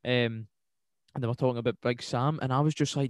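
A man's voice: medium pitch, fairly quick, no echo. Scottish man, rambling football chat. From Scotland. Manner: swears freely, rambling and animated. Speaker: podcast co-host.

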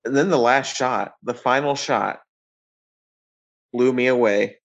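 Man, podcast guest, enthusiastic, plain-spoken, mid pitch. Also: unhurried, highs cut off. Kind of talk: casual movie review chat.

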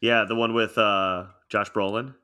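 Male co-host, lowish bright voice, plain matter-of-fact delivery. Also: flat delivery, unhurried. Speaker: podcast co-host. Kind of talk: casual movie discussion.

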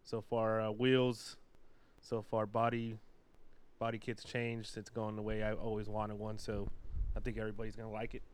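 A man's voice: fairly low pitch, monotone, normal speed, slight background noise. A man speaking as a podcast guest in casual chat, laid-back and rambling, laughing easily.

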